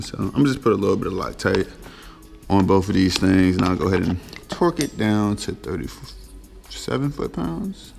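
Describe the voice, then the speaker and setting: Gravelly laid-back guy in his garage. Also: on the low side, moderate pace, music in the background. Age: young adult. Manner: laid-back, slangy, lots of fillers. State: losing his voice, coughing. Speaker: car vlogger. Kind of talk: casual how-to vlog.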